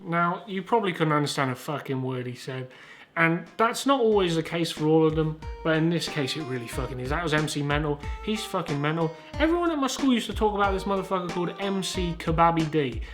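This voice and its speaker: With music underneath, this twenty-something YouTuber with a Southern English accent riffs casually and comically, full of swearing and self-mockery. His voice is a little high, expressive, and brisk.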